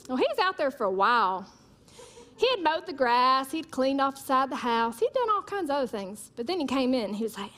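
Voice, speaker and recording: A woman's voice: sits high, big pitch swings, fairly quick, a bit bright. A woman preaches a sermon, with emphatic repeated declarations and humorous storytelling.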